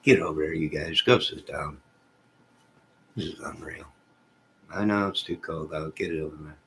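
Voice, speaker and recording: A man's voice: a bass voice, normal speed, gravelly, fairly bright tone, slightly rough. A man hosting a casual livestream from home, joking and teasing viewers by name as he reads the chat. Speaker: livestream host reading chat. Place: at home with goats nearby.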